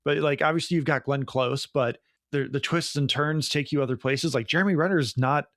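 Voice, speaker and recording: A man's voice: fairly high pitch, brisk, a bit bright, no room sound, studio quality. Chatty man rambling about films. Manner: rambling, enthusiastic, many "like"s. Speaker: podcast co-host. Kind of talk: casual film review chat.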